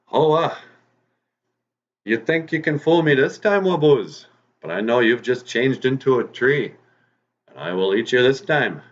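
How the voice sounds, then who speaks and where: A man voicing a boastful, easily angered male fox hunter in a told folk tale, speaking in a loud, proud, huffy way. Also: medium pitch, expressive, a little slow, pauses often, muffled recording, voice pushed up, lightly acted. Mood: gloating.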